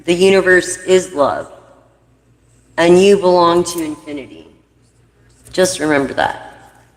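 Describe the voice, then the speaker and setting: A woman's voice: on the low side, animated, measured pace, big-room sound, low-quality recording. A woman doing a casual tarot reading for her viewers, giving blunt, profane, rambling advice. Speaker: intuitive tarot reader.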